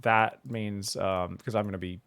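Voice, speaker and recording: Man, lowish voice, casual coach, chatty, laughs often. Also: fairly even intonation, normal speed, a bit bright, clean tone. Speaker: game coach and streamer. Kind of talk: casual coaching chat on stream.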